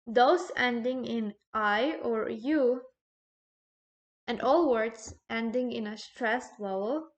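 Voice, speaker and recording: A woman with a fairly high voice walks through a grammar lesson at an unhurried pace. She explains each rule step by step, stops to ask "okay?", and fills her pauses with a soft "um". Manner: slow and explanatory, with frequent "um" and "okay?" checks. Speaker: language teacher.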